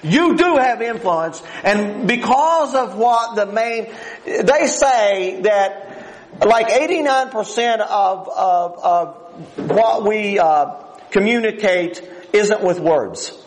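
A man's voice: sits high, animated, takes it slowly, rough recording. An older man preaching a sermon in a folksy, rambling way, full of restarts and plain country grammar.

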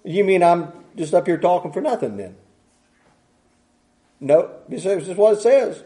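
A man preaching with a very high, lively voice that rises and falls a great deal. His tone is dark and mellow rather than bright. He rambles in a folksy way, restarting his sentences and chuckling between points. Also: measured pace, pauses often. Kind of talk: sermon.

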